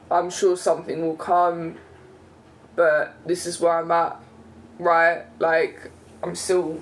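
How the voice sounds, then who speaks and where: A young man from England vents to his viewers with a rather high voice, full of indignation and tagging his points with "right?" and "yeah?". A faint hiss sits underneath the recording. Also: fairly bright tone, poor audio. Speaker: vlogger. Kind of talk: casual monologue rant.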